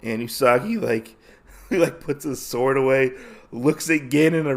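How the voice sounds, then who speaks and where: A man's voice: mid-range voice, normal speed. A man hosting a podcast who retells a comic's story in a casual, rambling way, full of fillers. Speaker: podcast host.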